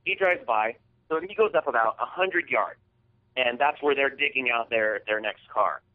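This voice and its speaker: A man's voice: medium pitch, moderate pace. A man hosting a podcast, retelling an embarrassing story in a casual, profane, heated way. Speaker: podcast host. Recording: tinny phone-like sound.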